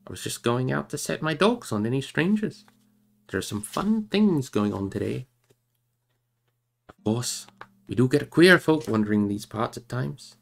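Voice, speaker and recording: A man's voice: medium pitch, lively intonation, normal speed, vocal fry, pauses often. A man voicing a stout, blustering hobbit farmer in a hearty, rustic manner for a storybook reading. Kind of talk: storybook character voice.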